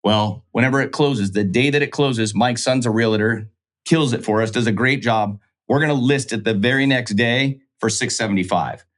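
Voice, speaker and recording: A man's voice: mid-range voice, moderate pace. A man, a real estate investor guest, telling a business story in casual talk and acting out the voices of the people in it. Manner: animated, acts out quoted dialogue.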